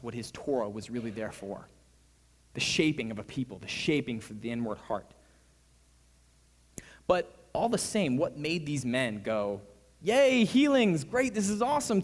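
A man preaching a sermon as pastor, animated, his voice swinging between hushed and loud. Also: mid-range voice. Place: church. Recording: reverberant church hall.

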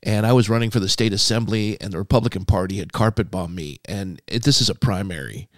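A man's voice: on the low side, fast, dry recording, studio quality. A man, a pastor, telling a long personal story on a podcast and acting out a commanding old man's lines. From California.

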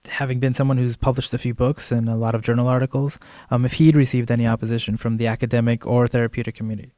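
A man hosting a podcast, introducing his guest eagerly, with filler pauses. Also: medium pitch, flat delivery, dark tone, dry recording, studio quality. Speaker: podcast host. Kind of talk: podcast narration and interview.

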